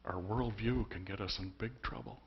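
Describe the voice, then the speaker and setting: A man's voice: fairly low pitch, normal speed, muffled recording, slight background noise. A man preaching a sermon as pastor, telling the story conversationally with emphatic bursts. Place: church.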